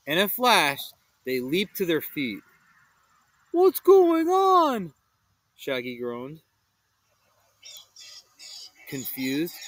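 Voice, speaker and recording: A man narrating a children's storybook in an expressive, animated read-aloud style. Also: on the high side, low-quality recording. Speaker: storybook reader.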